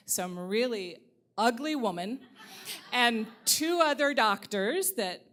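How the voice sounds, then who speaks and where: A woman's voice: fairly high pitch, animated, takes it slowly, fairly bright tone. Wry, candid woman telling a story on stage. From Upper Midwest US. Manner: wry, candid, swears freely. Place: live event venue.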